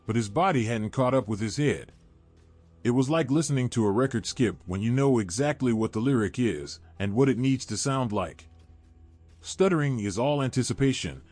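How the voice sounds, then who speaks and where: A man giving a steady, measured scripted narration of a horror story. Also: medium pitch. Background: faint music.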